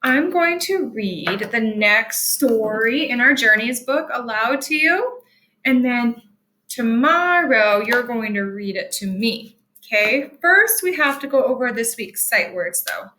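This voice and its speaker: A woman teaching first graders remotely, explaining sight words in a slow, clear, teacherly way from an upstairs room at school. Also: a little high, expressive, bright, forceful tone, rough recording. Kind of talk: remote classroom reading lesson.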